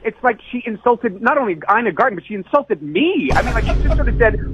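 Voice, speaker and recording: Indignant male caller, theatrical, fast and animated, heard down a dull phone line. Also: extremely high pitch, background noise. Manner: indignant, dramatic, talks fast and rambles. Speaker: caller on a radio show. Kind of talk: phone call on morning radio.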